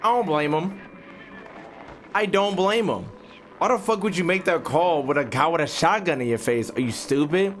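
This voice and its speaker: A man streaming his reaction to a video, loud, profane and mocking. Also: fairly high pitch, normal speed, a little hiss or hum. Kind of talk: reaction commentary.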